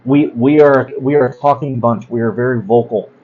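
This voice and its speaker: A man's voice: mid-range voice, steady tone, moderate pace, phone-quality sound. A man hosting a casual livestream talk, blunt and rambling, with many fillers and asides. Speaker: host.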